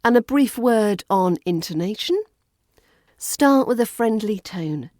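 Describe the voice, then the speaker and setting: A woman with a British RP accent teaching pronunciation in a scripted lesson, enunciating clearly and repeating words for practice. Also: medium pitch, lively intonation, measured pace, a little mellow, dry recording, clean studio sound. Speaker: accent coach.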